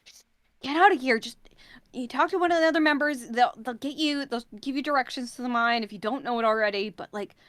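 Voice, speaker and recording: A woman's voice: high-pitched, fast, a bit bright, no room sound, clean studio sound. A woman voicing a curt young daughter who wants a stranger gone, in a tabletop game. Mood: annoyed. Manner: curt and dismissive.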